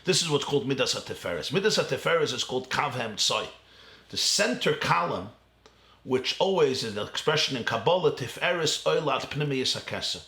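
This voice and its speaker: A rabbi giving a lively Torah lecture with an Ashkenazi Yeshivish accent, laughing often and acting out voices in dialogue. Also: male voice, mid-range voice, normal speed, roomy sound. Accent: Yeshivish, Ashkenazi Hebrew pronunciation.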